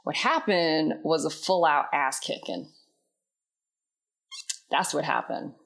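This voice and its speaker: Slow, low-voiced reflective woman. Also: gravelly. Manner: candid, introspective, trailing into soft quiet phrases. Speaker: vlogger. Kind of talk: personal reflective storytelling.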